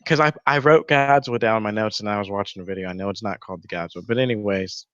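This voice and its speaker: A man's voice: lowish voice, fast, fairly bright tone, no room sound, muffled recording. A man hosting a casual fan theory show from home, rambling with lots of fillers and the odd swear. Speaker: YouTube show host. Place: home room with a roommate nearby.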